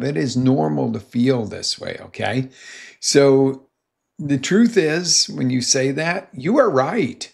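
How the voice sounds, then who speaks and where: A man's voice: a little high, gravelly. A man speaking as a life coach, giving an emphatic motivational talk and telling a story to his audience.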